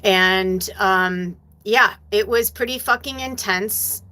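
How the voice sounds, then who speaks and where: A woman's voice: medium pitch, slow pace, bright, forceful tone. A woman in her forties telling a story casually to her viewers, chatty and swearing freely with plenty of fillers. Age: 40s. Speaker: spiritual medium hosting a live stream.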